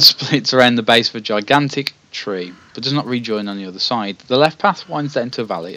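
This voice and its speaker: Here a man with a medium-pitched, somewhat bright voice reads the text of an adventure game evenly for a let's play, then chats hesitantly between passages. The recording's highs are cut off.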